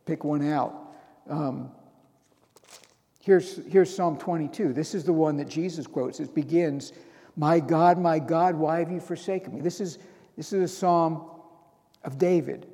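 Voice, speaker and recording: Male preacher with a high voice, recorded in a reverberant hall, building to loud emotional passages. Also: a little slow, long pauses. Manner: rising to loud emotional bursts reading scripture. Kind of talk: sermon.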